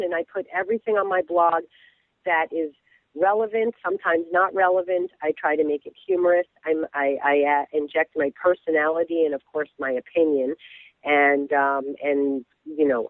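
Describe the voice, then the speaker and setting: A woman's voice: sits low, dry recording. Chatty woman on a tinny phone line. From Florida, USA. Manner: chatty, self-deprecating, laughs easily. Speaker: guest, local blogger. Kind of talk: phone interview.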